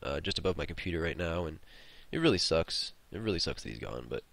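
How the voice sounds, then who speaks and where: Low-voiced rambling gaming host. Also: male voice, sing-song, fast, gravelly, fairly bright tone. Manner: rambling, swears freely. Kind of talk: casual storytelling over gameplay.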